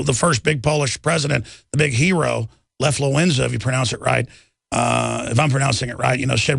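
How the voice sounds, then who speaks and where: Gravelly, heated male talk radio host. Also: on the high side, a bit bright, dry recording. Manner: heated, rambling, insistent. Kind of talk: talk radio monologue and taking calls.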